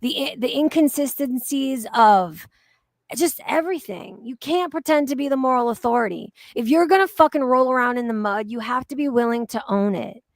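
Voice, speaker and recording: A woman's voice: sits high, normal speed, no echo, clean studio sound. A woman hosting a casual livestream, blunt and heated, swearing freely as she talks. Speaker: livestream host.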